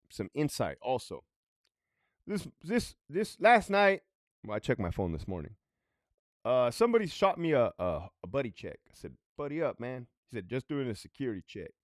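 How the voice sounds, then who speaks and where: A man telling a story in a casual, profane way. He is blunt, swears heavily, chuckles between points, and swings between loud outbursts and low mutters. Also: dry recording, clean studio sound. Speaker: vlogger, prison guard commentator.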